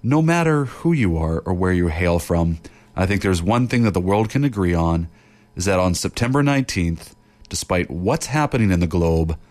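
A young man hosting a campus radio show, announcing in an upbeat, mock-grand way. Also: low-pitched. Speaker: radio host.

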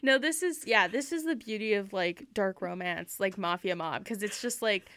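A woman's voice: medium pitch, normal speed, fairly bright tone, no room sound. A young Canadian woman chatting casually about a book, laughing often and using lots of fillers. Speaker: book podcast co-host. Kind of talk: casual chat.

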